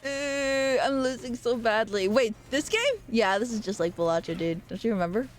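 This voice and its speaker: A young woman with a bright, high voice chats while she plays, bouncing between chatter and shrieking outbursts. She swears freely and reacts loudly to the game. Soft music runs faintly underneath. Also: moderate pace. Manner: excitable, swears freely, loud playful outbursts. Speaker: streamer. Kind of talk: casual live-stream gaming commentary.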